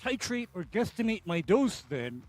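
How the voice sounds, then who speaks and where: A man in podcast banter with a high voice that jumps around a lot. He talks in an animated way, exclaiming and laughing often. Faint music plays behind him. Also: normal speed, dry recording. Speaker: podcast co-host. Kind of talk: casual banter.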